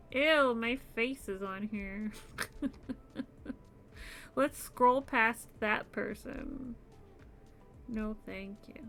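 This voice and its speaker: Sleepy slow-talking woman streamer. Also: fairly high pitch, fairly bright tone. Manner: sleepy, yawning, chatty. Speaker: crochet streamer. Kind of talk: casual live-stream chat.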